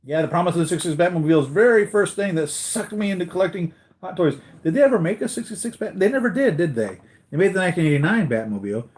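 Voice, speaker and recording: A man's voice: sits high, expressive, fast, darkish tone. A man hosting a live collectibles stream, chatting casually with viewers, tired after a sleepless night and rambling with many restarts.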